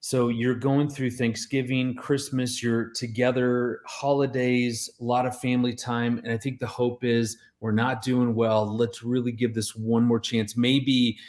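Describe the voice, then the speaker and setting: A man in his forties telling a story on a radio talk show. he's earnest and animated, trips over his words and starts over a lot, and sits at an average pitch. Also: a little slow, few pauses. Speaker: guest, marriage expert.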